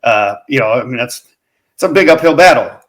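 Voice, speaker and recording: A man's voice: medium pitch, animated, a little fast, a bit bright. A man hosting a podcast, chatting casually and affirming his guest. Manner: affirming, conversational. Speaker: podcast host. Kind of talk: casual interview chat.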